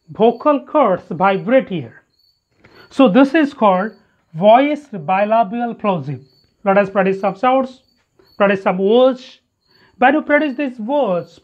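Teacher, phonetics lesson, very slow and deliberate, drills words, dull lo-fi recording. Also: medium pitch. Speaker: English teacher.

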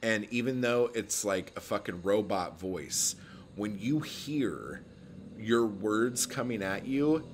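A man's voice: lowish voice, takes it slowly, background noise. A man talking casually about writing craft, blunt and profane, rambling with lots of filler words. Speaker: poet giving writing advice. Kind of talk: casual talking-head vlog.

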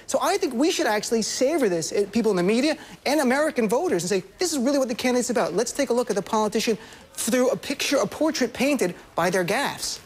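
A male comedian giving political commentary on a TV news panel, animated and joking as he argues. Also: extremely high pitch. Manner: fast, animated, joking argument.

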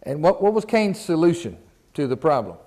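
A man's voice: a little high, very animated, normal speed, warm tone. A man preaching a sermon in a folksy, casual way, often repeating words and asking the congregation questions. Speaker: pastor. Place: church.

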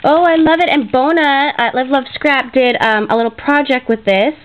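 A woman with a fairly high voice chats through a casual craft vlog, thanking a friend over and over. She talks in gushing runs packed with fillers and sounds emotional, close to tears. The home video sound is dull and lo-fi. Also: moderate pace. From Canada. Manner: gushing, grateful, chatty with many fillers. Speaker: craft vlogger.

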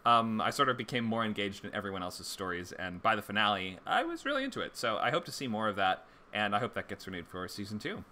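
Lower-voiced man with a very bright tone. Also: fast talker, few pauses, a little hiss or hum. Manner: loose, conversational, many fillers and restarts. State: hiccups. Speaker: screenwriting instructor. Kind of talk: casual livestream lecture.

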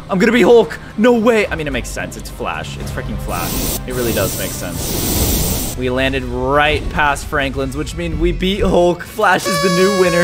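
A young man giving excited, hyper gameplay commentary, yelling and swearing mildly. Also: on the high side. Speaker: gaming YouTuber. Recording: music playing under voice.

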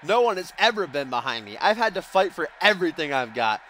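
An arrogant heel wrestler grandstands through a self-important promo, as a man puts him on. The voice rides well above the man's own, bright and cutting. He sounds like a boastful video game villain who answers to no one. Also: fairly high pitch, very animated, a little fast, a little hiss or hum, pitched above the performer's own voice. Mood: defiant.

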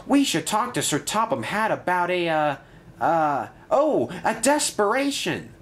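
A man voicing an excitable young male engine who stumbles over his words. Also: on the high side, a little slow, pitched above the performer's own voice. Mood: eager. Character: small eager male engine, muddled and clumsy with words. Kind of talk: storybook narration.

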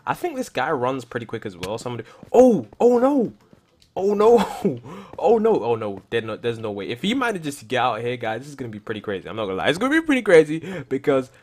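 A young man doing casual Minecraft commentary who keeps talking to his viewers and bursts into shouts when something goes wrong. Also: mid-range voice, very fast, few pauses. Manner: excitable, talks to viewers, repeats "guys", bursts into shouts. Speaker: gaming YouTuber.

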